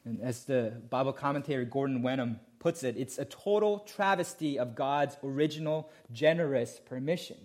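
A man's voice: mid-range voice, normal speed, hardly any pauses, a little mellow. A male pastor preaching a sermon, explaining a passage emphatically and asking rhetorical questions.

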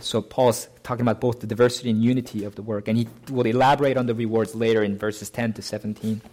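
A man preaching a sermon as pastor, in a conversational way, often asking "right?" and lifting and slowing his voice on key phrases. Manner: conversational, often adds "right?" to check with listeners; lifts pitch and slows to stress key phrases.

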